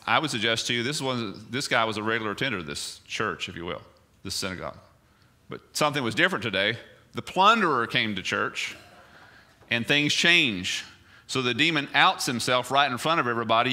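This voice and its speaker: Male pastor, church sermon, loose conversational delivery full of rhetorical questions, bright forceful tone. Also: mid-range voice, brisk.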